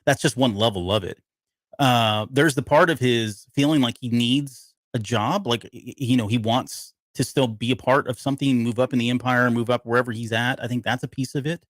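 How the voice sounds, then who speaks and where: A man of middle pitch co-hosts a relaxed live podcast chat, thinking aloud in long loose runs and trailing off as he searches for words. His voice sits close and dry on the mic, with no room sound around it. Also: a little fast, no echo. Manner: rambling, often loses the word he wants. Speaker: podcast co-host. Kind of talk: casual live TV-show breakdown chat.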